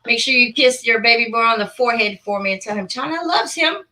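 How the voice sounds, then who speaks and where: A bright, clear woman's voice sitting a little high. She hosts a relaxed livestream over a video call, gushing and laughing often. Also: fast, slight background noise, poor audio. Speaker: host. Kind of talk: casual livestream chat.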